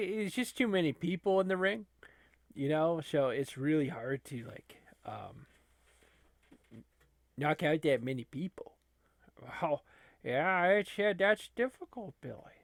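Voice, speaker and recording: A channel host with a fairly high, gravelly voice casually commentates a wrestling video game in a dry recording. He rambles, laughs between remarks, packs in fillers, and restarts often.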